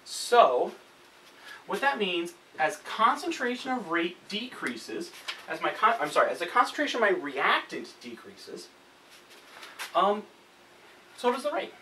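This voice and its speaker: A man's voice: high voice, big pitch swings, unhurried, long pauses, sharp tone. A male chemistry teacher giving a chatty lesson at a whiteboard, often correcting himself and checking in with "okay?". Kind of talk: recorded classroom lesson at a whiteboard. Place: classroom with whiteboard. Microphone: camera set up across the room. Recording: distant camera mic, faint room hiss.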